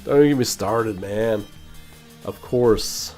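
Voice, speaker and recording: A man's voice: on the low side, slow pace, darkish tone, soft background music. A man hosting his channel, ranting casually and animatedly, swearing and mimicking mumbled voices. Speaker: channel host. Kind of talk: casual opinion rant.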